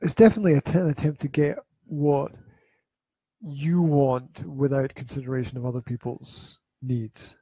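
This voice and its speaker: A man hosting a parenting podcast, asking prompting questions and musing slowly on ideas. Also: medium pitch, fairly even intonation, mellow, breathy edge, no room sound, low-quality recording. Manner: prompting questions, drawn-out thoughtful phrasing. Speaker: podcast host. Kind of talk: casual podcast conversation.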